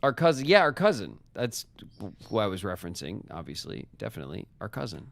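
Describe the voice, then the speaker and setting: A man's voice: fairly low pitch, huge pitch swings, fairly quick, vocal fry, fairly bright tone, no room sound. A man streaming a puzzle game, chatting with his viewers and himself in a loose, joking way as he works out clues. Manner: chatty, talks to chat and himself, jokey asides. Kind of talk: casual live gameplay commentary.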